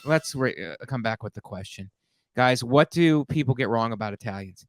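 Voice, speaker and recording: A man co-hosting a comedy podcast, chatting casually and getting loud and shouty when riffing. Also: mid-range voice, a little fast, over music. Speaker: podcast co-host.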